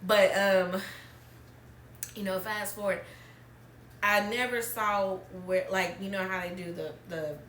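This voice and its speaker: A woman's voice: mid-range voice, steady tone, slow pace, pauses often, a bit bright, a little hiss or hum. A woman from Alabama hosting an emotional personal conversation, speaking candidly and wavering between tears and laughter. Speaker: podcast host. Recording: echoey room, mic at a distance.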